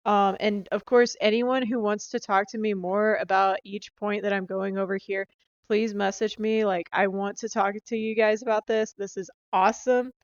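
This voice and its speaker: A woman's voice: mid-range voice, steady tone, normal speed, dry recording, dull audio. A young woman casually recapping her sales training into a handheld phone, chatty and upbeat with lots of fillers. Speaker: sales rep.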